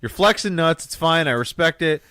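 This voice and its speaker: A man's voice: on the high side, lively intonation, normal speed, bright, forceful tone, clear, resonant tone, no echo. Male podcast guest, crude storyteller, dry recording. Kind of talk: casual podcast chat.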